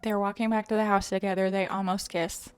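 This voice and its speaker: A woman's voice: mid-range voice, flat delivery, brisk, smooth. Chatty woman recapping a book. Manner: chatty, many "like" fillers, laughs often. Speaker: book channel host. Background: faint music.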